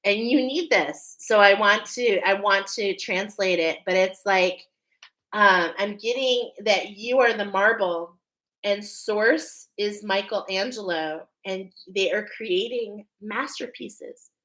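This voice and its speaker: A woman's voice: mid-range voice, takes it slowly, a bit bright, poor audio. A woman leading a live oracle card reading, emotional and preacher-like, constantly checking in with her listeners. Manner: emphatic, checks in with "okay?" constantly. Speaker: spiritual card reader.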